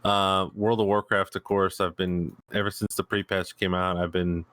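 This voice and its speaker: A man hosting a gaming podcast in casual chat, relaxed and swearing freely. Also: low-pitched, moderate pace, no echo. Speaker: podcast host.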